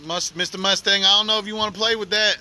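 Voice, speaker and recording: Oklahoma guy on a phone livestream, high voice, super bright and sharp, hollering jokes at cars in a flood, street noise behind. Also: fast. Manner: excitable, loud, joking slang. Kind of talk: casual live commentary. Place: outdoors by a flooded street at night.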